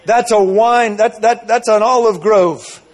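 A man with a notably high voice preaches a sermon. He tells his story loosely, circling back with repeated phrases and asides to the congregation. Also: steady tone, measured pace.

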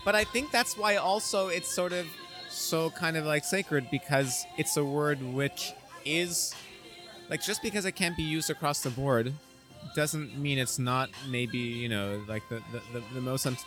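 A man, a comedian, talking in a bar in a halting, thoughtful way, searching for words. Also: a little high, music in the background. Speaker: comedian guest. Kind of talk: casual bar-room chat. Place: bar, indoors.

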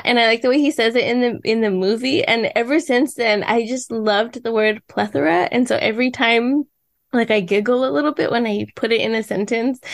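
Casting note: woman podcast host, fairly high voice, dry close sound, giggly and chatty. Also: no echo. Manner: chatty, giggly, lots of "like" fillers. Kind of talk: casual chat.

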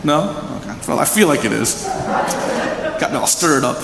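A man preaching in a large church hall, his high voice swooping lively up and down as he chats and quizzes the crowd. Long reverb rings off the walls over a faint room hum. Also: normal speed, vocal fry. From Philadelphia, USA. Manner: animated, chatty, asks the audience questions. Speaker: pastor. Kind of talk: conversational sermon.

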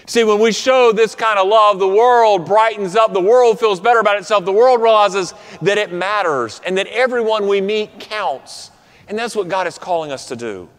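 A man preaching a sermon in an earnest tone, often dropping to a soft, quiet close on key words. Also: sits high, normal speed. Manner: earnest, drops to soft quiet endings for emphasis. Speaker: pastor. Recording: reverberant hall.

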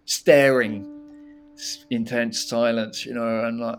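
A man's voice: medium pitch, takes it slowly, clean tone. A man recalling an old music workshop in casual, rambling talk, swearing freely and breaking into laughs. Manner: rambling, swearing, laughing, animated when retelling. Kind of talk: casual conversational storytelling.

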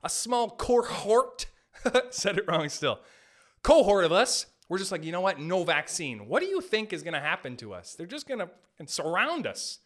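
A man's voice: high voice, big pitch swings, normal speed, a bit bright. A man from Canada hosting a podcast, doing a hyped-up, jokey comedic rant. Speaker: podcast host.

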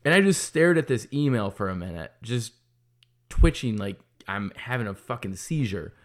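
A man's voice: mid-range voice, lively intonation, normal speed. A man who runs a business, telling a frustrated story in a casual, profane, heated monologue. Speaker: business owner opening a kart track.

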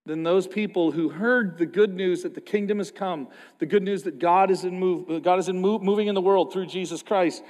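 A man preaching a sermon as a pastor, passionate, moving between quiet, reflective stretches and loud outbursts. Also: sits high, moderate pace, in a large hall. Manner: passionate, swings from quiet to loud, acts out quoted voices.

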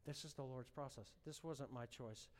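A man's voice: medium pitch, normal speed. Impassioned preacher man in a reverberant hall. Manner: emotional storytelling, rising to impassioned shouting. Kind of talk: sermon.

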